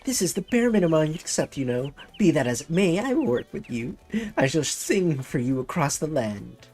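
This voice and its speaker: Streamer putting on a stuck-up little bird mascot diva, high and loud, all airs and grand words, game voice. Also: big pitch swings, normal speed, faint music behind. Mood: haughty. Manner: pompous, theatrical, put-upon. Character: haughty female bird mascot diva singer.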